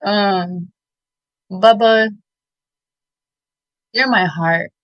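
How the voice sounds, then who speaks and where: A woman in her thirties giving tearful, heartfelt shout-outs in an interview, halting with many fillers. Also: medium pitch, fairly even intonation, no echo, lo-fi sound. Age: 30s. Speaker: interview guest.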